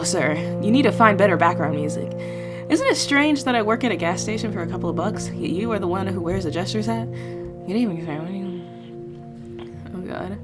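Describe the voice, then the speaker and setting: Woman, game streamer, reads story aloud, wry asides, mid-pitched voice, steady background music. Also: fairly quick. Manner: wry, self-mocking asides. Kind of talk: reading a visual novel aloud with asides.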